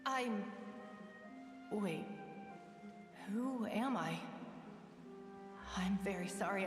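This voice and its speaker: A woman's voice: medium pitch, natural voice. A woman playing a mournful water spirit, echoing. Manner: slow, sorrowful, dreamy. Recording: echoey reverb from far off with music. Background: game music.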